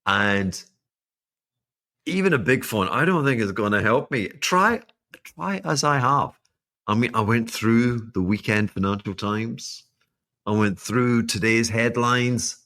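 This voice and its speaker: A man's voice: mid-range voice, animated, slow pace, bright, forceful tone, dry recording, studio quality. A man hosting a solo podcast, giving rambling, wry, self-mocking market commentary with laughing asides. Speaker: podcast host.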